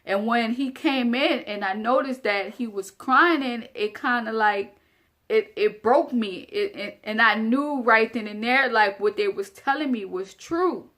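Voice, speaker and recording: Young woman vlogging, kinda high voice, talks right to the viewers, repeats stuff for emphasis. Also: measured pace, a bit bright. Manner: earnest, addresses viewers directly, repeats phrases for emphasis. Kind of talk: casual storytelling to camera.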